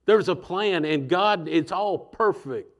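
Animated man preaching a sermon. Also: sits high, slow pace. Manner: conversational, animated preaching with acted voices.

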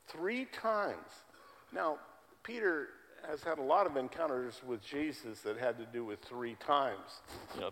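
A man's voice: mid-range voice, a bit bright. Man preaching in a reverberant church. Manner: emphatic preaching, repeats words for stress. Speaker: pastor. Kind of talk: sermon. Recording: long hall reverb.

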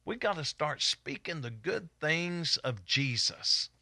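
There's no echo in this studio-quality clip of a middle-aged Appalachian man from East Kentucky. He takes it slowly in a fairly high voice while fervently preaching a Bible study and hollering with excitement as he teaches.

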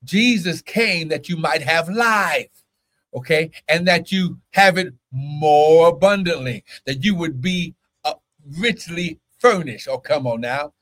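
A pastor preaching a fervent sermon, shouting scripture and breaking into exclamations between verses. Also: male voice, a little high, animated, slow pace.

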